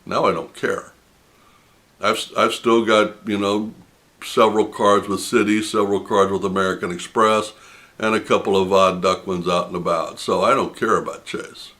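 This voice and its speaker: On his personal finance channel, a man recounts a phone argument to camera, sounding indignant and emphatic and breaking into incredulous laughter. His voice sits lowish and steady, at a moderate pace with a fairly bright tone.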